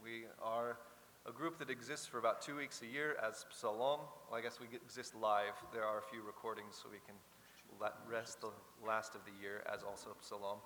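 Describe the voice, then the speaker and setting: A man's voice: lowish voice, level tone, moderate pace, sharp tone. Earnest man speaking in a reverberant chapel. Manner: earnest, reflective, with small restarts. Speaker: choir leader. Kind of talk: spoken introduction in chapel. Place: large chapel. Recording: hall reverb with faint hiss.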